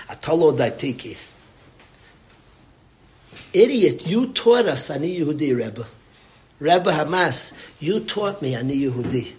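A man's voice: a little high, slight background noise. A man delivering an inspirational religious talk, impassioned and repetitive, with Yiddish and Hebrew terms woven into his speech. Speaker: religious speaker. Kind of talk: inspirational sermon.

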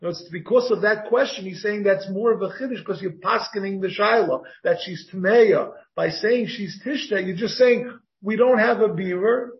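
Rabbi guy giving a talmud shiur, fairly high voice, keeps asking "so what?" to himself, kinda dull lo-fi sound. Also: normal speed, hardly any pauses. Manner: thinks aloud with repeated rhetorical questions. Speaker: rabbi teaching a Talmud class. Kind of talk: Talmud lecture. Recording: dull lo-fi recording.

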